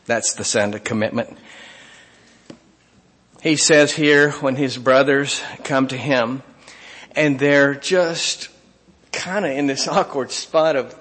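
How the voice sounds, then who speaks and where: A man preaching a sermon, reading scripture aloud and swinging from emphatic lines to hushed asides. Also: mid-range voice, slow pace, pauses often, big-room sound. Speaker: pastor.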